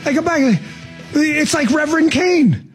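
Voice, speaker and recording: A man hosting a radio talk show, telling stories in a sarcastic, animated monologue with quick asides. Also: very high voice, soft background music.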